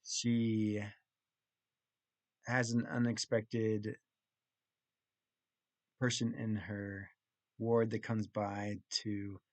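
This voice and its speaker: A man's voice: on the low side, dry recording. A young adult man, a college student, casually recapping his class week and retelling a story step by step. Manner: plainly retelling a story step by step, with pauses and restarts.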